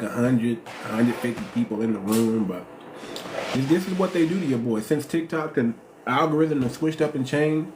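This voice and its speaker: A man's voice: mid-range voice, a little mellow. Slangy male streamer in an echoey room. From United States. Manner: slangy, repetitive, emphatic. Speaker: live stream host. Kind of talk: casual live-stream talk. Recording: roomy echo, faint noise.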